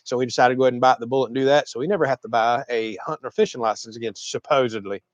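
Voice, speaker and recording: A man's voice: medium pitch, very fast, dry recording, dull audio. A man with a Southern US accent from Florida, casually chatting on a livestream as host and reading viewer comments. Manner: chatty, drawling, laughs often.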